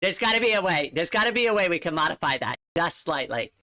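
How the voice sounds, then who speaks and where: Woman streamer, casual chat, slightly low voice, rambling and giggly, home desk mic. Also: expressive, fast talker, pushed and bright. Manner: rambling, lots of "like", giggles often.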